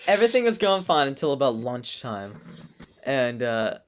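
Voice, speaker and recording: Co-hosting a laid-back podcast, a teen boy with a medium-pitched voice recounts something from school at a moderate pace. He's animated, laughs often, and performs the quoted lines in different voices, with slight background noise present.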